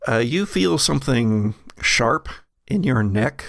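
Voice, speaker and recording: Guy running a horror tabletop game, slow and gravelly, dry close sound. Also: mid-range voice, lively intonation, a bit bright, dry recording. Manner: measured, halting, vivid description. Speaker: game master.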